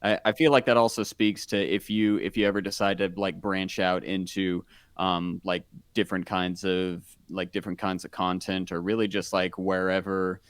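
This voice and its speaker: A man's voice: sits low, flat delivery, moderate pace, smooth, no room sound. A man co-hosting a casual podcast, talking in loose rambling sentences full of "like" and "um". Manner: rambling, heavy use of "like" and "um". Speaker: podcast co-host.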